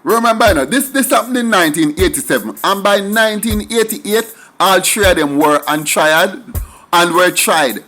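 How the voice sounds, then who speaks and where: A middle-aged Jamaican man tells a story in a high voice with a lilting, sing-song delivery. He leans hard on emphatic patois asides. Faint music plays behind him. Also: animated, moderate pace, bright, forceful tone. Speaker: commentator. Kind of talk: storytelling monologue.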